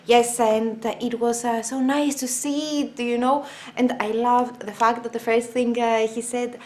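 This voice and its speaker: A young woman talking casually about a TV episode, enthusiastic and emotional, with frequent pauses and filler sounds. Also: a little high, flat delivery, darkish tone. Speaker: vlogger.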